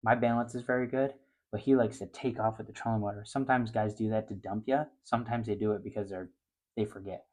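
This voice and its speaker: A middle-aged man hosting a fishing show, telling a story casually and growing loud and high-pitched when he gets excited. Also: quick pace.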